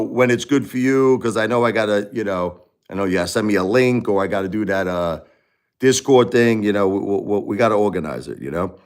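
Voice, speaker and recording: Forties male streamer with a Brooklyn accent; loose, chatty, rambling delivery, slightly low voice. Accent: New York (Brooklyn). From New York. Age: 40s. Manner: rambling and chatty, full of "you know" and restarts. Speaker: live streamer. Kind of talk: casual live-stream chat.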